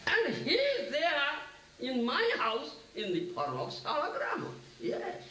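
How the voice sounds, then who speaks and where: A man's voice: fairly high pitch, fairly bright tone, pitched below the performer's own voice, full character voice. A man voicing a doting old village father. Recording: echoey hall, distant mic, faint hiss.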